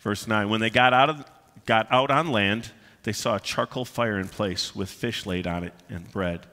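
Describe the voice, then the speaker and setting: A man's voice: lowish voice, normal speed, sharp tone. A pastor preaching a sermon, emphatic and conversational, with frequent "uh" fillers as he works through the passage. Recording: long reverb of a large hall.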